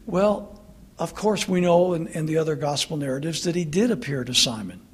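A male pastor delivering a sermon in an earnest, conversational way. His voice is husky and sits high for a man. He slips into wry, mocking asides. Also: moderate pace.

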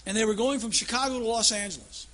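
Husky, high-voiced preacher. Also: male voice, fast, fairly bright tone. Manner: folksy storytelling that builds to emphatic declarations. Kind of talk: sermon.

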